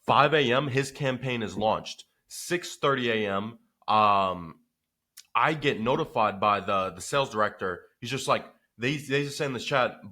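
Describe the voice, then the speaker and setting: A man who runs a business telling a story in a casual vlog, animated and swearing freely with lots of filler. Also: mid-range voice, measured pace.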